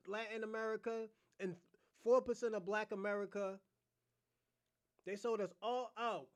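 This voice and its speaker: High-voiced man ranting on a livestream. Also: no echo, studio quality. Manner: blunt, profane, rambling rant. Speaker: host of a reaction livestream. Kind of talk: casual livestream commentary.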